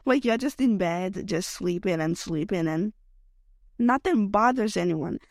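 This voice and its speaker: A woman's voice: mid-range voice, lively intonation, a little slow, dry recording. A young woman talks alone into a close mic, her voice worn down because she is feeling sick. She rambles in a loose, emotional way, tagging her thoughts with "like" and "okay?". The sound is dry and close, with no room around it. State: unwell, voice affected by illness. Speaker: podcast host. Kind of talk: solo podcast rant.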